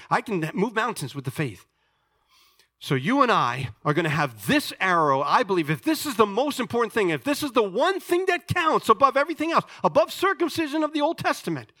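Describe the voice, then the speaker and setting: A man's voice: high voice, dry recording. Older male pastor, sermon delivery, impassioned, dry close recording. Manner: impassioned preaching, swinging from loud to hushed.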